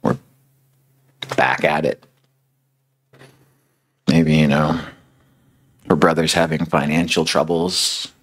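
A man's voice: extremely low pitch, flat delivery, slow, long pauses. A young man preaching a sermon in a conversational storytelling way, filling his speech with "you know" and "like".

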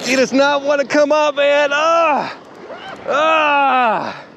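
A man's voice: very high voice, slow pace, creaky, highs cut off. A man who works as a fishing guide, giving casual vlog commentary on a beach and whooping and hollering as he reels in fish. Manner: excitable, whooping and hollering while reeling in fish. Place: outdoors on an ocean beach. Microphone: chest-mounted action camera. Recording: outdoor action camera with loud surf noise. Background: crashing surf.

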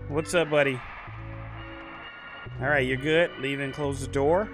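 Excitable man doing game commentary. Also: medium pitch, a little slow. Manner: excitable, reads game prompts aloud, yelps and whines at the game. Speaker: gaming YouTuber. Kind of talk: casual let's-play commentary. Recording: gameplay commentary over loud game music.

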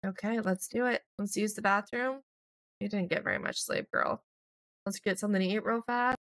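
A young woman hosting a casual let's play, chatting through her game and voicing quick lines for her characters. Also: medium pitch, fairly bright tone, no echo. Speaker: gaming channel host.

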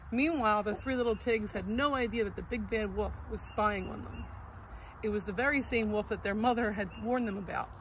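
A woman's voice: mid-range voice, a little hiss or hum, poor audio. Woman reading a children's story aloud.

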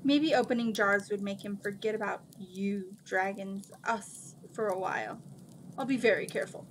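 An earnest young man, eager to help and quick to sound hurt, voiced by a woman reading aloud. Faint hiss under the voice. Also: mid-range voice, close to an everyday voice. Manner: eager and wounded.

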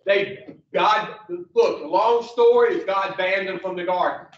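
A man's voice: high voice, unhurried. Blunt, cussing man teaching a class. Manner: blunt, profane, joking. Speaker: recovery program instructor. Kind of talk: folksy storytelling lesson. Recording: distant, roomy, muffled.

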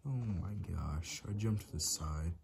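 A man's voice: low-pitched, unhurried, gravelly. An Irish man giving casual commentary on his own gameplay, muttering running instructions to himself as he builds. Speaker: let's play gamer. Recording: steady background noise with keyboard clicks.

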